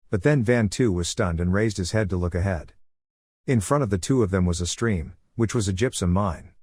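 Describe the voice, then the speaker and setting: A man reading a scripted story recap in a flat, even narration style on a close mic. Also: deep voice, moderate pace, breathy edge, no echo.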